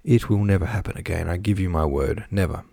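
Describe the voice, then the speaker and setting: Hot-tempered, remorseful landowner husband; a man reading his lines, low and dry. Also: fast talker, vocal fry, warm tone, no echo. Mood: earnest remorse. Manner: heated then contrite.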